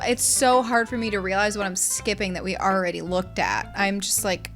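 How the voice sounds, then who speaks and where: A woman's voice: mid-range voice, steady tone, moderate pace, few pauses, a bit bright, soft background music. A young woman giving casual, reactive gameplay commentary, talking to herself and swearing as she plays. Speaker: gaming YouTuber.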